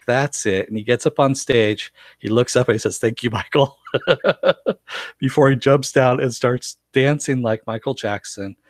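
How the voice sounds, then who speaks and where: Man, lowish voice, casual live show reviewer, chatty and laughing, dry close sound. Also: no echo. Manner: chatty, laughs often while retelling scenes.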